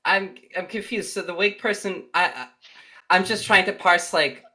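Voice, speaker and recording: A player in a tabletop game, joking and thinking out loud as they sort out what just happened. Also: mid-range voice, moderate pace. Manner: jokey and animated, thinking out loud. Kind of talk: casual tabletop game chat.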